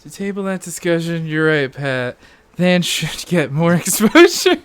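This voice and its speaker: A man co-hosting a podcast, tossing in joking banter and quick quips. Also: a little high, expressive, a bit bright, smooth. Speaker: podcast co-host. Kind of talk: casual chat.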